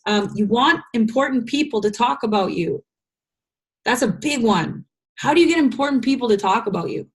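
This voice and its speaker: A woman's voice: fairly high pitch, lively intonation, normal speed. Candid, emotional woman coaching a group. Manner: candid, emotional, filler-heavy. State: holding back tears. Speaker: business coach. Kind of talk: casual group coaching call.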